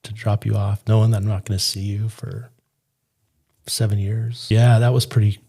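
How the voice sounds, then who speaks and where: Man, middle-aged, low monotone, husky and gravelly, understated and dry. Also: moderate pace. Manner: understated, brief, dry humor. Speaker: podcast co-host. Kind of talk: casual conversation.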